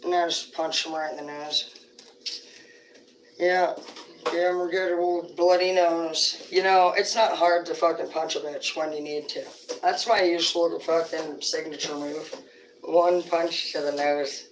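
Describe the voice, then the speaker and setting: A woman's voice: low voice, fairly even intonation, unhurried, slight background noise. Rambling, foul-mouthed woman livestreaming. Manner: rambling, profane storytelling. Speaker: livestream host. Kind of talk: casual livestream chat. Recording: roomy sound from a distant mic.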